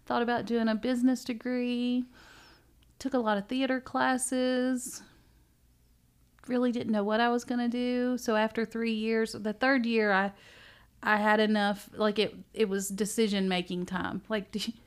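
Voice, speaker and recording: A middle-aged woman, a bookstore owner, chatting casually as a podcast guest, animated and laughing often as she tells stories. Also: fairly high pitch, a little slow, smooth. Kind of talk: casual interview chat.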